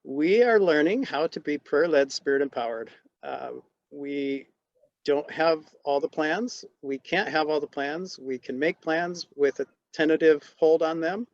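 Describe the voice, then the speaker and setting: Pastor guy giving a closing blessing, encouraging, lots of ums, higher voice, dull dry sound. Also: dry recording. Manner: gentle, encouraging, halting with fillers.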